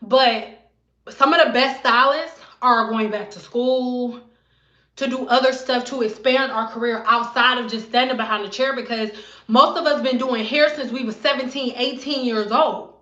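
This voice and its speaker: Woman in her thirties, high voice, blunt and sassy vlogger; echoey bathroom, slightly dull recording. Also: fairly even intonation, normal speed, pushed and bright. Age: 30s. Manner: sassy, blunt, acts out client exchanges. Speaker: hairstylist vlogger. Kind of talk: casual vlog rant. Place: bathroom at home.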